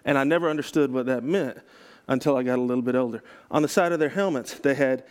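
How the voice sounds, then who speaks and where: A man's voice: mid-range voice, fast talker, a little mellow, clean tone. A man from Texas, a pastor, giving a casual teaching talk to a group, chatty and self-correcting, with joking asides.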